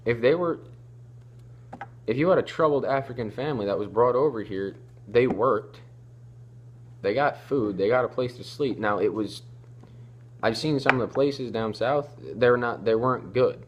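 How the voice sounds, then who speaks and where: A man's voice: medium pitch, normal speed, lo-fi sound, background noise. A young man talking casually to camera, rambling and often restarting his sentences. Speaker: vlogger. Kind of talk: casual opinion talk.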